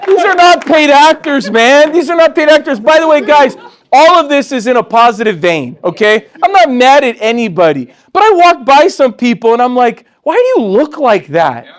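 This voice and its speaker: Intense high-pitched man shouting from a stage. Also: very animated, normal speed. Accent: Texan. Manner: intense, shouting, blunt and profane. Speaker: company chairman giving a motivational speech. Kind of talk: fired-up motivational stage speech. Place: stage at a company meeting.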